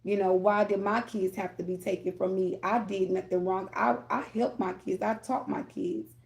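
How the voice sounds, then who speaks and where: A woman's voice: mid-range voice, fairly even intonation, normal speed, gravelly. A woman giving a candid, rambling tarot reading, often addressing viewers directly and checking in with them. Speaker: tarot reader. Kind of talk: casual spiritual talk to viewers.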